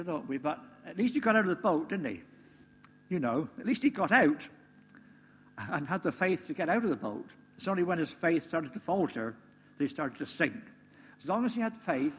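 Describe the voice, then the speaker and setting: In a reverberant hall with a faint hum, a preacher delivers a conversational sermon, frequently asking the congregation tag questions like "didn't they?" His voice is a little high with a breathy edge.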